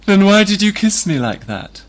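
Man doing a young woman's voice, raised pitch, lively, pleading, affectionate. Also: normal speed. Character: passionate young woman, coaxing her lover.

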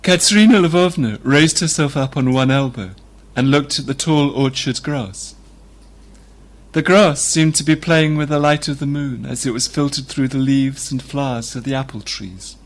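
A man reading a novel aloud in a measured, descriptive way. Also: medium pitch. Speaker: reader.

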